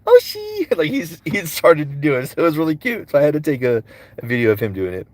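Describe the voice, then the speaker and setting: Talking at a quick pace with a fairly high pitch, a male voice actor hosts a casual livestream Q&A. He answers fan questions and breaks into character voices in between.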